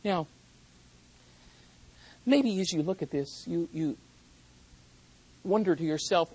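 A preacher delivering a sermon, talking emphatically and swinging between hushed and loud. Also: medium pitch, husky, poor audio. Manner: slows down for quoted verses.

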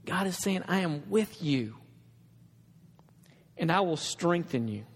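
Man, preacher, earnest conversational sermon, fairly high voice, long hall reverb. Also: lively intonation, slow, slightly rough.

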